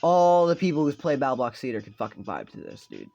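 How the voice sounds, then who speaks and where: A casual storyteller spins a fan story off the cuff, rambling through likes and you-knows and swearing freely. The voice sits in a middling pitch. Faint game music plays underneath. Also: huge pitch swings, fast, gravelly, mellow, dull audio. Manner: rambling, swears a lot, many fillers. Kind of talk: improvised fan-fiction narration. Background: faint video game music.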